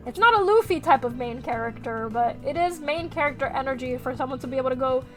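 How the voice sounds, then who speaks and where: A woman streaming as she draws, chatting casually with her viewers, animated and quick to swear. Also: high voice, faint music behind. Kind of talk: casual chat while drawing on stream.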